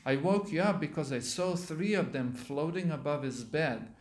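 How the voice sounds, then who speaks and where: A man's voice: on the high side, normal speed, lightly acted. A man voicing an urgent teenage girl waking her mother, in an echoey hall.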